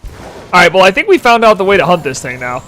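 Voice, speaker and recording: A man's voice: high voice, big pitch swings, brisk, pushed and bright. A man in his twenties streaming a game live, chatting casually, giggling and answering chat aloud. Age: 20s. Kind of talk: casual gameplay commentary.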